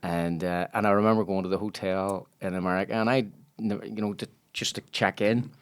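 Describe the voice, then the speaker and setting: A man with a Belfast accent, an actor guest telling a lively anecdote and acting out voices from it. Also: low-pitched, fairly quick, clean tone. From Northern Ireland. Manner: animated storyteller, acts out voices in quotes.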